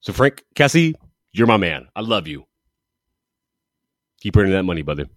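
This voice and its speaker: A man with a slightly low voice hosts a casual football show, delivering an eager, rambling sports commentary monologue and correcting himself along the way. His pitch swings widely at a moderate pace, and the sound is dry and close with no room around it.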